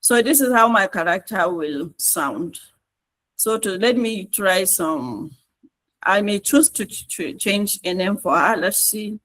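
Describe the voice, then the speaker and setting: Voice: mid-range voice, lively intonation, unhurried, fairly bright tone, poor audio. A trainer with a Nigerian English accent gives an online tutorial and narrates each step on screen. The delivery is coaxing and repetitive, with frequent checks that the class is following.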